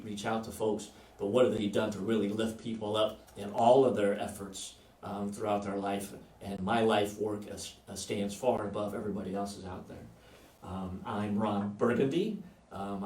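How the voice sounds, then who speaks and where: A man's voice: lowish voice, darkish tone, far from the mic. A man running for office hosts a virtual town hall, speaking off the cuff with many fillers and restarts over a video call. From Iowa. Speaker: political candidate hosting a virtual town hall. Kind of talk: unscripted campaign speech. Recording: roomy echo, off-mic.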